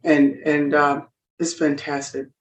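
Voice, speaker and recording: Animated middle-aged woman in a roomy space. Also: sits low, takes it slowly. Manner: animated, emphatic storyteller who acts out dialogue. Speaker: guest entrepreneur. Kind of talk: storytelling in a podcast interview. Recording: roomy echo.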